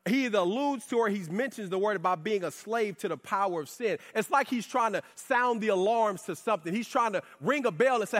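A man preaching a sermon in a lively, conversational way with casual slang asides. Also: high-pitched, brisk, few pauses. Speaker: pastor. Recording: reverberant hall.

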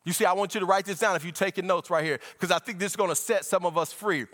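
A man's voice: high-pitched, quick pace, a bit bright. A pastor preaching a sermon to his church, speaking folksy and direct to the congregation, at times lifting into sung tones.

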